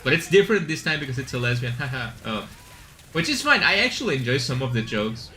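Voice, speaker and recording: Bright-voiced male streamer chatting. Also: mid-range voice, sing-song, quick pace. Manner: rambling, chatty, with asides and filler. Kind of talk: casual chat while gaming.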